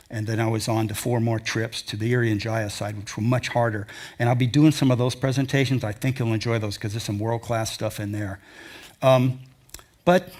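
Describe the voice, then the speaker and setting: An older man giving a presentation to an audience, telling rambling, folksy stories from his travels. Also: medium pitch. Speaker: adventure travel speaker. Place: lecture hall before an audience.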